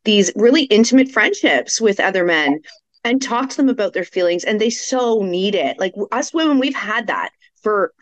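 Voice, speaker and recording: A woman's voice: mid-range voice, lively intonation, normal speed, dry recording. A woman co-hosting a podcast, sharing her views in an earnest, reflective way. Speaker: podcast co-host. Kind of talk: casual podcast chat.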